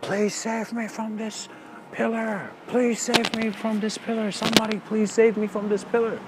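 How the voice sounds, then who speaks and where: A man voicing an eccentric old male Sufi mystic in a story, crying out and then turning calm. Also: lowish voice, moderate pace, gravelly, very noisy. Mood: frantic shouting. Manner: frantic shouting, then calm and gentle.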